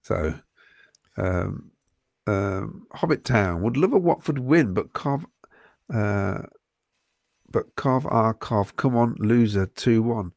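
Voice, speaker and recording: A man's voice: lowish voice, animated, slow pace, vocal fry, pauses often, a little mellow, no echo, clean studio sound. A man co-hosting a fan podcast, reading out viewer comments with frequent ums and chuckles in casual chat.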